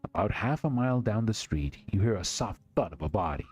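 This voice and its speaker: A man's voice: lowish voice, lively intonation, a little fast, a little mellow, slightly rough, no room sound. A man streaming, reading a text game aloud dramatically with casual asides.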